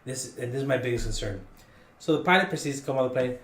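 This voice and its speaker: A man's voice: fairly quick, pauses often. Man telling a story in a roomy room. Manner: animated, jokey, rising in pitch for punchlines. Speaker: podcast guest telling a story. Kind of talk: casual storytelling.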